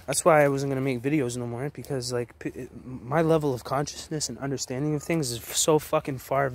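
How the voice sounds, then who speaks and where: A man's voice: mid-range voice, steady tone, a little fast. Profane, fiery young man ranting. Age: 20s. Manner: profane, blunt and forceful, with repeated restarts. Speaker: vlogger. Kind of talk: intense motivational rant.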